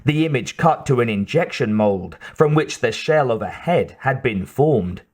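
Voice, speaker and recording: A man narrating an audiobook in a measured, steady way. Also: medium pitch. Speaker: audiobook reader.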